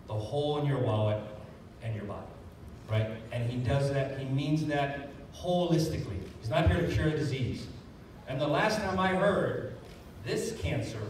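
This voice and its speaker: A man giving a sales training talk to an audience, energetic and jokey, recorded from a distance in a large echoey hall. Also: medium pitch. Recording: echoey hall, distant mic, faint room noise.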